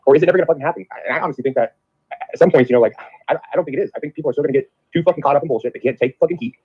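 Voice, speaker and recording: A man's voice: a little high, rapid-fire, breathy edge. A man on a call-in show, ranting about getting along, swearing often and rambling. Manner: profane, rambling, animated. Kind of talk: casual rant on a live show. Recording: phone-line call audio.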